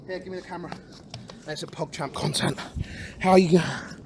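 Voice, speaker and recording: A young man streaming a casual outdoor vlog, excitable and chatty, who keeps calling his viewers boys and swings between mumbling and yelling. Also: on the high side, fairly quick. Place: outdoor garden.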